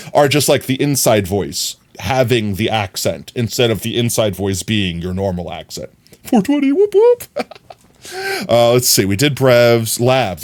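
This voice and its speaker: Animated, chatty male streamer. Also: mid-range voice. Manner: animated, chatty, many fillers. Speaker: livestreamer. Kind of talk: casual chat with viewers.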